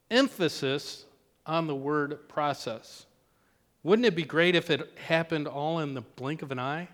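A man's voice: fairly high pitch, a little slow, fairly bright tone, in a large hall. A man preaching a sermon as pastor in a church, talking in a conversational way with joking asides.

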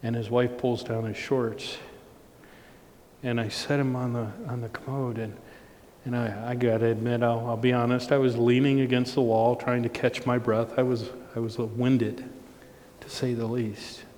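A man's voice: little pitch movement, normal speed, darkish tone. A man preaching a sermon, telling a personal story in an earnest way and building to emphatic points. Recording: long hall reverb, faint low rumble.

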